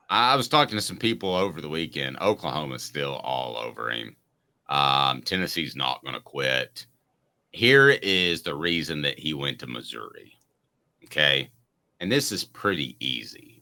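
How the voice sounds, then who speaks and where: A man's voice: sits low, sharp tone. A man hosting a sports podcast, explaining things casually with hypotheticals. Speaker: podcast host.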